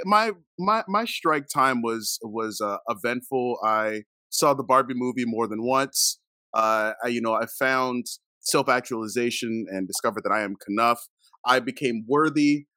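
A man's voice: medium pitch, sharp tone, no room sound, clean studio sound. Joking, rambling podcast guest man. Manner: joking, rambling with many fillers. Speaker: podcast panelist. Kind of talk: casual podcast chat.

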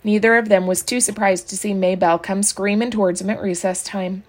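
A woman narrating a children's novel aloud, calm and even in her read-aloud style. Her voice sits in an ordinary middle pitch for a woman. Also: a little fast. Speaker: audiobook reader. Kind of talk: storybook narration.

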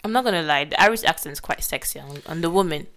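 A young woman in casual podcast chat, teasing with quick interjections. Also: low voice, lively intonation, a crowd in the background.

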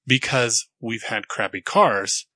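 A man's voice: mid-range voice, expressive, slow, pushed and bright, no echo. A man co-hosting a podcast, thinking aloud in a thoughtful, hedging way during casual chat. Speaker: podcast co-host.

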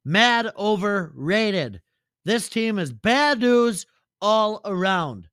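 A man voicing a brash, crude loudmouth male football fan who trash-talks cockily and swears. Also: high-pitched, sing-song, drawn-out words, no room sound, clean studio sound, pitched above the performer's own voice, full character voice. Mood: dismissive. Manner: cocky, profane trash talk.

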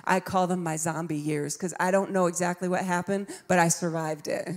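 A woman's voice: on the low side, steady tone, fairly quick. A woman in her fifties preaching a sermon in a conversational way, acting out voices and laughing along. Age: 50s. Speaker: pastor.

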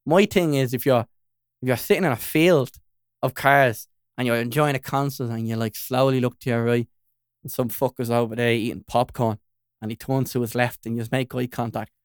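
A man, chatting casually as a podcast co-host. His voice is smooth and clear, and he wanders through his points, recorded close and dry with no room sound. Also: medium pitch, fairly even intonation, brisk, no room sound. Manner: rambling, peppered with "you know what I mean". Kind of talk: casual chat.

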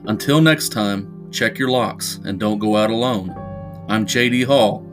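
Male podcast host reading horror fiction; measured, ominous narration over faint music. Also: fairly low pitch.

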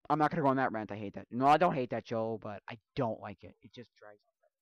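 A man in a casual commentary, mumbling through a passage he reads aloud, then ranting loudly and mocking people in put-on voices. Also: mid-range voice, quick pace, dry recording, lo-fi sound.

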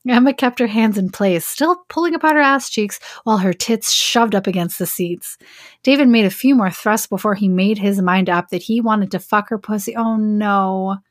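A woman's voice: mid-range voice, normal speed, no room sound. Dry-voiced woman reading a story aloud. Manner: reads aloud, breaking off into joking asides. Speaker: podcast host and story reader. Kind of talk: comic reading of an erotic story.

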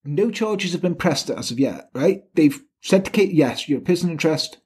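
A man's voice: on the high side, lively intonation, moderate pace, a little mellow, slightly rough. Casual man telling a crime story. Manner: swears often, acts out quotes of the people in the story. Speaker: podcast co-host telling a true crime story.

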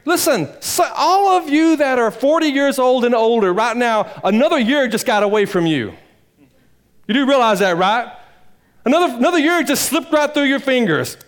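Speaking at normal speed in a church sanctuary, a male pastor gives an animated sermon. He moves between loud, emphatic high points and low, hushed asides in a folksy, rambling style.

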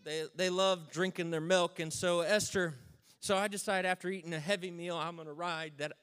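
Man with a higher voice telling a funny story. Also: normal speed, clear, resonant tone. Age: 30s. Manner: self-mocking, dry jokes, lively retelling. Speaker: speaker telling a personal story. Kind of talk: humorous personal storytelling.

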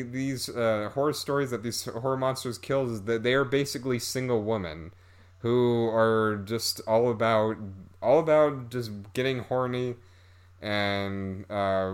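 A man rambles through a casual movie review at an unhurried pace. He is sarcastic and disbelieving, and his sentences break into fillers and restarts. His pitch sits in an ordinary middle range. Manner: rambling, sarcastic, laughs often.

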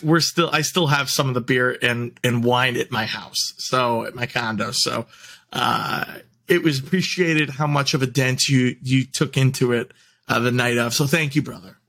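A young man chatting on a podcast in a plain mid-range voice. He talks loosely and warmly with family, peppering his sentences with "like" and small restarts as he tells a story. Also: medium pitch. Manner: chatty, heavy use of "like" and restarts. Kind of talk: casual chat.

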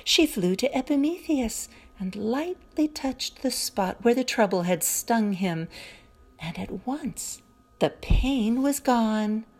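A woman reading a children's story aloud in a gentle, expressive manner, then closing the story with a short reflection. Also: on the high side, slow.

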